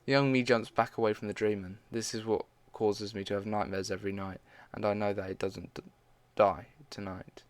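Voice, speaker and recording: A man with a lowish voice reads a fan story aloud in a relaxed, casual way. He trips over words now and then and breaks off for quick asides of his own. The sound is dry and close, with no room around it. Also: no room sound. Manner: reads with frequent stumbles and side comments. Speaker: fan fiction reader.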